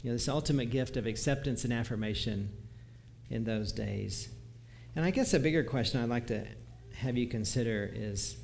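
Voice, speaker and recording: A man's voice: medium pitch, moderate pace, vocal fry, darkish tone, slight background noise. Man giving a conversational sermon. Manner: conversational, chuckles at his own asides, reads scripture aloud. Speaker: preacher.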